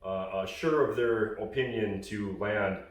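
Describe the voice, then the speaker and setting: A man's voice: lowish voice, a little slow, heavy reverb, recorded from a distance. A man casually explaining goose calling in a hunting call tutorial, rambling with fillers and restarts.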